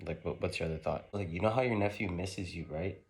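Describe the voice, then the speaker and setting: A man playing a pair of young college bros in a skit, trading slangy banter full of "bro" and "man.". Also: low voice. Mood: joking banter. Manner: laid-back, drawn-out "bro" and "man" slang.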